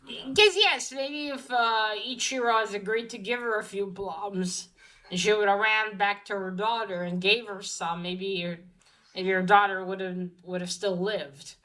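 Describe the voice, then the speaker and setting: A woman's voice: medium pitch, steady tone, unhurried, sharp tone, low-quality recording. A woman giving a casual, chatty comic book review, talking with many fillers and restarts.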